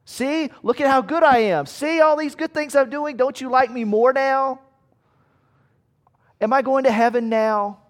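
A man's voice: very high-pitched, a little slow, voice pushed up. A man voicing an anxious male believer who begs God for approval, in a pleading, insecure way during a sermon. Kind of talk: sermon role-play.

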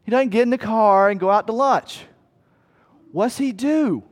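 High-voiced animated preacher man. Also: unhurried. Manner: animated, acts out voices and cries, rhetorical repetition. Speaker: pastor. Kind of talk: sermon.

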